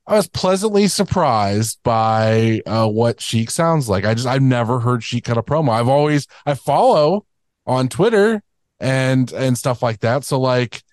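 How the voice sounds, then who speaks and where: A man's voice: medium pitch, animated, darkish tone, no room sound. Hesitant man in a dry room. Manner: hesitant, halting, many fillers. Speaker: podcast co-host. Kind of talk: casual chat.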